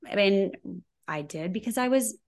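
A woman's voice: medium pitch, lively intonation, moderate pace. A woman hosting a podcast interview, agreeing with and encouraging her guest in a casual way. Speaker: podcast host.

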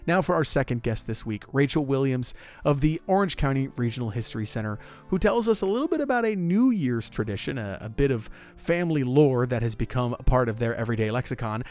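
A man's voice: mid-range voice, expressive, fast, a little mellow, soft background music. Enthusiastic man hosting a chat. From Florida, United States. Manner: enthusiastic, chatty, laughs often. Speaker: podcast host. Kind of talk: casual chat.

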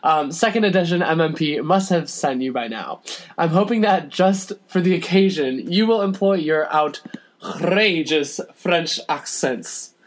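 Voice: medium pitch, expressive, unhurried. Young adult reading fan letters with laughs. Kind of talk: casual chat reading listener letters. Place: family home.

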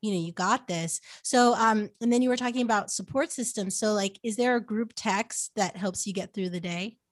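A woman's voice: mid-range voice, normal speed, no room sound. Woman hosting a podcast chat, lots of ums and likes, complimentary, dry recording. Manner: warmly complimentary, filler-heavy questions. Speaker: podcast host, interviewer. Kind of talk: casual interview chat.

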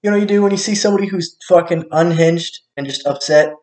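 A man in a casual monologue, ranting with lots of swearing, swinging between low mutters and sudden outbursts. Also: quick pace, darkish tone. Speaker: vlogger.

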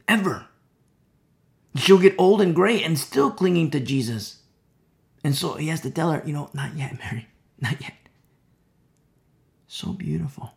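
A man's voice: a little high, normal speed, vocal fry, long pauses. A man preaching a conversational sermon, full of fillers and acted-out quotes, at times dropping to a whisper. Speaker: pastor.

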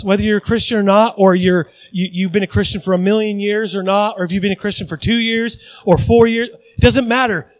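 A high-pitched man preaches a sermon with lively energy. He acts out the voices of Bible characters and drops in self-deprecating asides, often restarting mid-sentence. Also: low-quality recording. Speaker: pastor.

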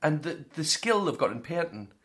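A man's voice: a little high, sing-song, normal speed, fairly bright tone. Teasing man in jokey banter. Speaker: podcast co-host. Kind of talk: casual chat.

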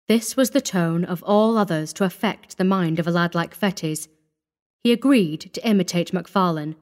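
A woman narrating a classic short story in a measured, even storytelling read. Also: medium pitch. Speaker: audiobook narrator. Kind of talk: scripted narration.

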